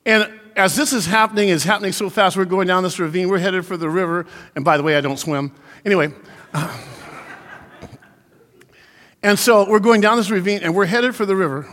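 A male pastor delivers an animated sermon, sliding into acted-out voices for the people he quotes. His voice sits high for a man. A long hall reverb trails behind every phrase. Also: a little fast.

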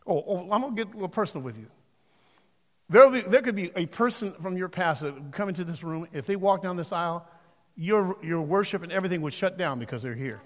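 A preacher with a high voice, his words trailing off into a long hall echo. He moves from rousing, shouted calls to the congregation to hushed, measured scripture reading. The sound is of a sanctuary during a sermon. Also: expressive. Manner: swings between shouted exhortation and quiet scripture reading. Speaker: pastor. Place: church sanctuary.

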